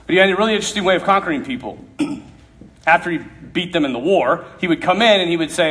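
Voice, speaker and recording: A man's voice: high voice, animated, fast, a bit bright. Emphatic man preaching to a crowd. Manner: emphatic, conversational, humorous. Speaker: speaker addressing a youth audience. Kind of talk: sermon-style talk.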